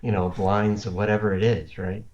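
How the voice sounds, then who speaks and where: A man's voice: lowish voice, little pitch movement, moderate pace, over a noisy crowd. A man speaking as a guest in a casual interview, rambling with many restarts and fillers. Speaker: guest cybersecurity architect. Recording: lo-fi remote audio.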